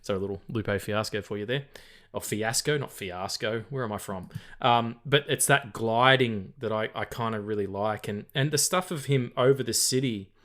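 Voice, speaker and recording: A man's voice: lowish voice, a bit bright. A man co-hosting a casual film podcast, rambling with lots of fillers, restarts and swearing. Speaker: podcast co-host.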